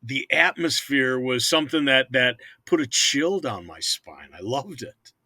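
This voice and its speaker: A man's voice: mid-range voice, lively intonation, a little slow, bright, forceful tone, dry recording. An older man who owns hockey teams, talking casually in an interview, rambling and often repeating words. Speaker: hockey team owner.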